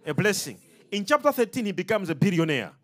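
A man preaching a sermon to a congregation, animated and full of call-and-response questions. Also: high-pitched, quick pace.

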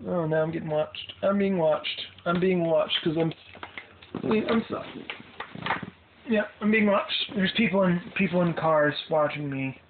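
A man's voice: on the high side, slight background noise. Goofy teenage boy rambling, tinny sound. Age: teens. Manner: goofy, self-mocking and scattered. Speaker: vlogger. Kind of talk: rambling casual vlog. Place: parked car at night.

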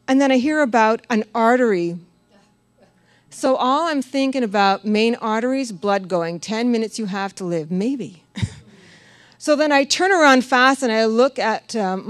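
Animated woman sharing a church testimony. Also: on the high side, dry recording. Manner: animated storytelling, laughs often, quotes others in acted voices. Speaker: church member giving testimony. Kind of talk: personal testimony at a church service. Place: church sanctuary.

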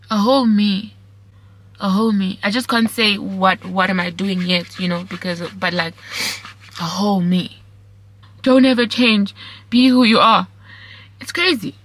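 Young woman vlogging, kinda husky voice, emotional, mixes in zulu. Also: a little high, fairly bright tone, no echo, rough recording. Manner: emotional, switches between English and Zulu. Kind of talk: casual vlog chat.

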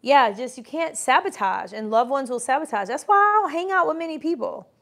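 A woman's voice: high-pitched, expressive, fairly quick, vocal fry, a bit bright. A woman in her forties hosting a casual live stream, giving emphatic motivational talk and reading chat comments aloud. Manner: mimics doubters in mocking voices. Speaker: livestream host and business coach.

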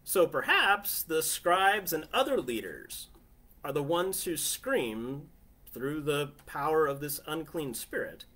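A man's voice: a little high, big pitch swings, slow, bright, forceful tone. A man preaching a sermon from his family living room in a conversational way, often asking listeners "right?". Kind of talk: home sermon.

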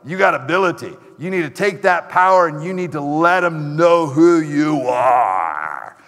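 A man voicing a brash young male advisor, flattering and urging a king on. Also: on the high side, measured pace. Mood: egging on. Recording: echoey hall.

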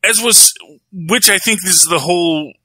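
A man's voice: sits high, a little slow, sharp tone, no echo, low-quality recording. A man co-hosting a podcast, reviewing films in a rambling, laughing casual chat. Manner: rambling, frequent restarts, laughs often. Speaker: podcast co-host.

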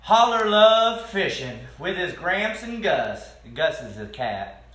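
A man reads a picture book aloud to a group of children, expressive and stopping to talk with them between pages. His voice is high and bright, his reading slow and deliberate, and the room rings with echo. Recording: echoey room.

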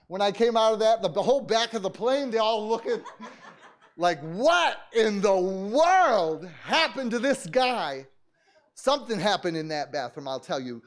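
A man, a pastor, telling a story in a sermon, dropping to hushed asides, shouting prayers and laughing often. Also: high voice, lively intonation, a little slow. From United States. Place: church service.

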